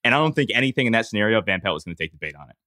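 A man co-hosting a podcast, talking in casual chat with quick, rambling thoughts and restarts. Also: lowish voice, big pitch swings, pushed and bright, dry recording, clean studio sound.

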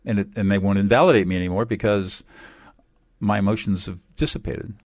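Emphatic low-voiced man, dry sound. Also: fairly even intonation, fairly quick, no room sound. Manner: emphatic, explanatory, repeats key phrases. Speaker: attorney and mediator guest. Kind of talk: interview answers.

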